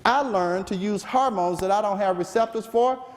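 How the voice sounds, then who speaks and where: Southern man, physician lecturer, high voice, teasing Q&A style, reverberant hall. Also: normal speed, a little hiss or hum. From American South. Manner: joking, asks the audience questions and answers them. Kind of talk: medical seminar lecture. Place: seminar room.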